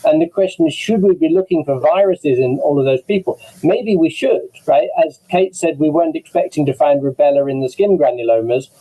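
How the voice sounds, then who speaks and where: A man's voice: on the high side, a little fast, few pauses, warm tone, low-quality recording. A man with an English accent moderating an online medical discussion, talking with many fillers and restarts over a video call.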